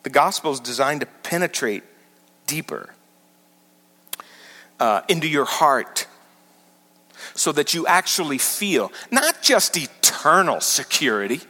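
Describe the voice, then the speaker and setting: A man preaching a sermon as pastor, teaching with animated, emphatic repetition. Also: fairly high pitch, slow, pauses often. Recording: large hall with long reverb.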